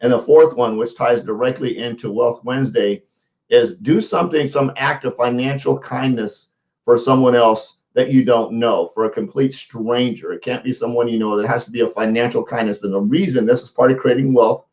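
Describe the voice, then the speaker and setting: A man's voice: mid-range voice, steady tone, moderate pace, a little mellow, lo-fi sound. A man coaching viewers in a casual live social media talk, often repeating words and restarting his sentences. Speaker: motivational coach.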